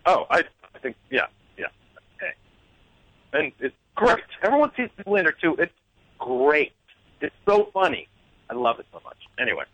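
Lively rambling male caller. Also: on the high side, normal speed, long pauses, no echo, muffled recording. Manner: rambling, animated, self-deprecating. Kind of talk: casual anecdote telling.

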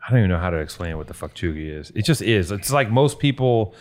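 A man's voice: low-pitched, animated, quick pace, darkish tone. Rambling, profane man riffing. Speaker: podcast host. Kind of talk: casual comedic chat.

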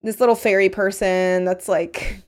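A young woman co-hosting a casual book discussion, animated and quick to laugh. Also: medium pitch. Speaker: podcast co-host.

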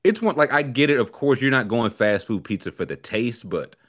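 A man's voice: medium pitch, very animated, a little fast, fairly bright tone. A man co-hosting a casual chat, joking loosely and trailing into restarts. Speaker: podcast co-host.

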